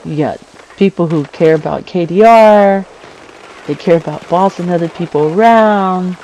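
A man's voice: high-pitched, moderate pace, a little mellow, a little hiss or hum, low-quality recording. A man giving casual, jokey commentary over his own gameplay, chuckling often and talking back to the game. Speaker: gamer narrating his play.

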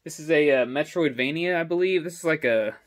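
A man's voice: fairly high pitch, fairly quick. Young guy filming himself on a selfie stick at home, chatty and rambling, lots of ums and uhs. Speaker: gaming collector showing his collection. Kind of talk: casual walkthrough vlog. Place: indoor home with stairs. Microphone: selfie stick camera.

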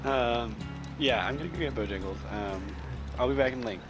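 A man who has just woken up, with a husky voice, chatting loosely in online voice chat while gaming, rambling and swearing. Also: medium pitch, animated, fast talker, music in the background. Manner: loose, profane, rambling, with filler words. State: groggy and husky, just woke up. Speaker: gamer in voice chat. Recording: loud background noise.

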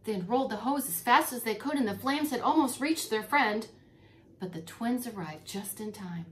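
A preschool teacher, a woman, reading a story aloud to young children, expressive and talking to them directly. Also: a little high, normal speed, a little hiss or hum. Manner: animated and expressive, talks to children.

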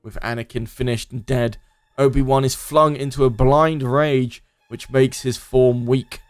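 A man's voice: medium pitch, steady tone, a little slow, clear, resonant tone, no echo, studio quality, faint music behind. Sardonic man reading a game aloud. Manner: sardonic, laughing at the absurd story. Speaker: gaming video host.

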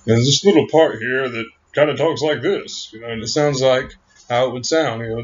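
A man's voice: medium pitch, husky. Rambling man on a muffled recording. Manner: halting, full of fillers and trailing thoughts. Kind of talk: rambling monologue.

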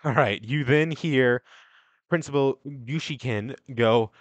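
A man's voice: mid-range voice, takes it slowly, no echo. A young man narrating as game master, casual and stumbling, briefly voicing the teachers.

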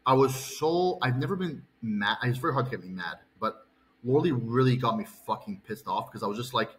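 A man's voice: medium pitch, expressive, fairly quick, a bit bright, a little hiss or hum, low-quality recording. A male bodybuilding coach telling an angry personal story, heated, profane and rambling.

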